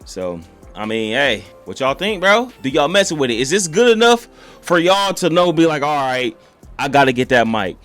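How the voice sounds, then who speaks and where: A man's voice: on the high side, a bit bright. A man streamer giving a casual, slangy review of his mic straight to his viewers. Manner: laid-back slangy, talks straight to viewers. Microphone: studio XLR mic on the desk.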